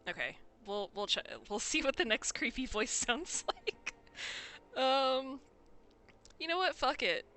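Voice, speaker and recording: A woman's voice: high voice, sing-song, measured pace, pushed and bright. A young woman streamer giving casual gameplay commentary in a wry, chatty way, swearing now and then.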